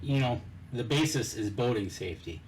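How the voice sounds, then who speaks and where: A man's voice: medium pitch, expressive, moderate pace, slight background noise, poor audio. A man hosting a casual interview, summing up and affirming his guest's story. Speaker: host.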